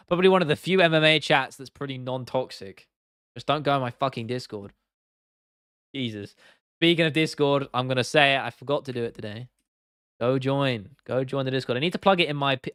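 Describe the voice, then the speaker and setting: A young man with an English accent chats casually on a live stream, swearing freely as he answers his chat. His voice is smooth and clear, with a middling pitch. The sound is dry and close to the mic. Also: a bit bright, no room sound. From England.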